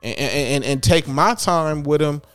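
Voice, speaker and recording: A man's voice: on the high side, unhurried, a bit bright, smooth, no room sound, soft background music. Rambling man in casual talk. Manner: rambling, repeats words and restarts often. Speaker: parent. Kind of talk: casual chat.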